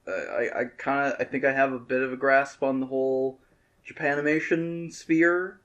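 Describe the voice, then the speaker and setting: A man's voice: medium pitch, moderate pace, a bit bright, muffled recording. A young man co-hosting a casual podcast, stumbling and repeating words as he starts his thoughts. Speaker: podcast co-host.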